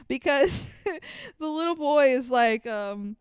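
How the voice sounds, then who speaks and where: A young woman co-hosting a podcast, chatting casually about a movie with animated, swearing reactions. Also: high voice, takes it slowly, dry recording. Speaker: podcast co-host. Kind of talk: casual movie review chat.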